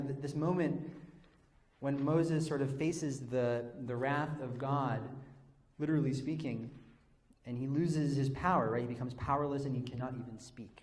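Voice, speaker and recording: A man's voice: mid-range voice, darkish tone. A man teaching as a rabbi, leading an interactive text study and taking questions, talking conversationally with frequent "sort of" and "right?".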